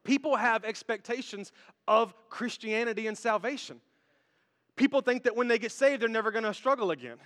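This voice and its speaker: Brief: bright, high-pitched pastor, animated sermon, long church reverb. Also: male voice, normal speed. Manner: animated storytelling, direct address to the congregation. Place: large church hall.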